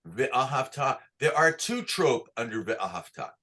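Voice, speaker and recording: A man teaching a class on chanting, who asks patient questions and sings short phrases slowly to show how they go. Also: medium pitch, big pitch swings, bright, forceful tone. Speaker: cantor teaching Torah chanting. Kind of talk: online class, chanting examples.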